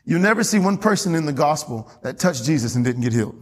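A male pastor preaching a lively sermon in church, calling out to the congregation and repeating key phrases. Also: on the high side, quick pace, long reverb tail. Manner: animated, call-and-response with congregation, repeats phrases, laughs often. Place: church sanctuary.

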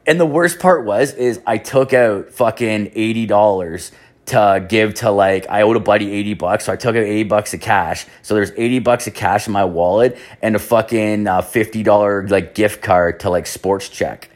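A man's voice: lowish voice, normal speed. A young man telling a rambling, profane story in casual talk, with lots of "like". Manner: rambling, profane, heavy use of "like".

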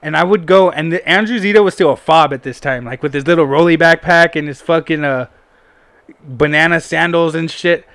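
A man's voice: fairly high pitch, brisk, fairly bright tone, no echo. A young man telling long, profane stories in a rambling, casual way, full of fillers. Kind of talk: casual storytelling chat.

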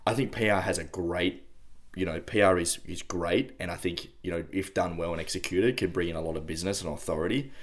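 Low-voiced man, relaxed. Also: brisk. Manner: relaxed, repeats words as he starts. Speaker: podcast co-host. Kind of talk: casual chat.

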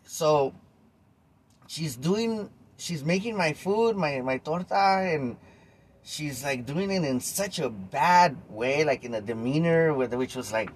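A man, hosting a podcast and telling a story straight to his listeners in a loose, animated way with casual swearing. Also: on the high side, takes it slowly, husky. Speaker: podcast host.

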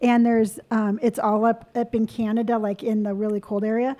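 A woman's voice: on the high side, level tone, dark tone. A woman co-hosting a podcast, chatting casually and teasing her friends. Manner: playful, teasing, quick bursts. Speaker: podcast co-host.

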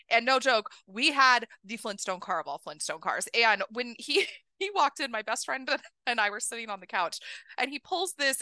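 A woman in her thirties hosting a podcast, telling a story in a casual, animated way, laughing often and acting out what people said. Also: a little high, no echo, clean studio sound. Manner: animated, laughing, acts out quoted voices. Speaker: podcast host.

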